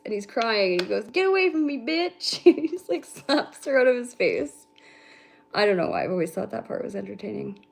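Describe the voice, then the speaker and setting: A young woman from Canada chats loosely on a livestream, her talk rambling with frequent swearing and easy laughter. Her voice sits at a medium pitch for a woman, plain and unforced. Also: creaky. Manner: rambling, swears freely, laughs often, reads chat aloud. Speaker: livestream host and spiritual reader. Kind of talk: casual livestream chat with viewers.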